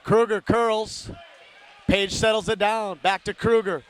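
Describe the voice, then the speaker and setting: Very high-voiced man calling hockey. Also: steady tone. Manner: rapid-fire calls of player names, rising to shouts on big plays; chatty asides, greeting listeners by name. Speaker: hockey play-by-play announcer. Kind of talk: live play-by-play commentary.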